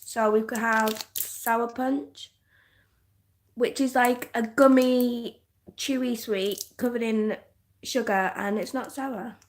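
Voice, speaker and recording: A young woman from northern England with a softened English accent, chatting casually on a livestream, giggly and full of "like" fillers. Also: fairly high pitch, steady tone, takes it slowly. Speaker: livestream host. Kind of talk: casual livestream chat reading comments.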